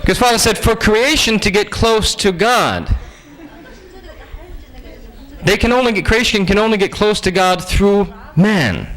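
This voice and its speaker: A man giving a humorous sermon-style lecture in a conversational, joking way with lively asides. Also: high-pitched, unhurried, some chatter behind, poor audio.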